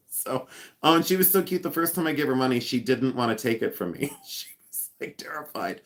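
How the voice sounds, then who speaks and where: A man's voice: mid-range voice, expressive, brisk, a bit bright. A man hosting a casual live stream, chatty and rambling, laughing often and joking with sarcasm. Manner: sarcastic humor.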